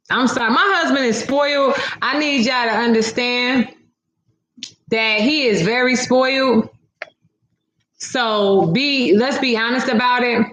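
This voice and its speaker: A sassy woman hosts a casual livestream, reading comments and talking straight to her viewers. Her voice sits a little high. The sound carries a noticeable room echo. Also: slow, pauses often, a bit bright.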